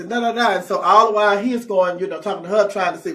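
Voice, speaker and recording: A comedy show host spins a gossip story in a chatty, sassy way and slips into the voices of the people involved. The voice is bright and has some edge, and the pitch sits in the middle. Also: fairly even intonation, fast talker, few pauses.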